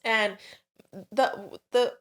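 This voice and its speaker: A woman co-host tells a long story in loose, casual chat. Her voice sits a little high, and she piles on fillers and swear words as she goes. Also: fairly even intonation, extremely slow, fairly bright tone. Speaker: podcast co-host.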